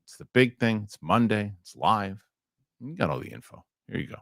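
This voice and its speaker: On a live entertainment news show, this male co-host mixes reading the news with joking, animated chatter and rambling tangents. His gravelly voice is on the low side at normal speed, against a noisy background.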